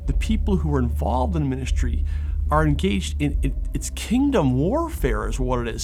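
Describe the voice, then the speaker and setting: Gravelly earnest middle-aged man. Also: fairly high pitch, big pitch swings, normal speed, a little mellow, soft background music. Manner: earnest, emphatic, with repeated restarts. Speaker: ministry organization director. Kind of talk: interview answer, personal testimony.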